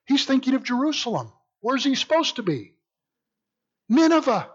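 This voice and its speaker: A man teaching a Bible study in a lively, sardonic way, mixing read passages with his own wry asides. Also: very high-pitched, moderate pace. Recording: dull lo-fi recording.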